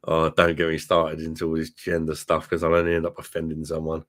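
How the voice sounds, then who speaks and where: A middle-aged man with a low, deep voice talks casually to his live-stream viewers over a webcam mic. He is blunt and laughs often. He swears freely and calls everyone mate. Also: level tone, normal speed. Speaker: beer reviewer and live-stream host.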